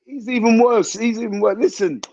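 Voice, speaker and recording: Very high-voiced man, insistent commentary. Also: normal speed, a little mellow, lo-fi sound. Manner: insistent, repeats his points. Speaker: co-host on a live fight watch-along. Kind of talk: excited live fight commentary chat.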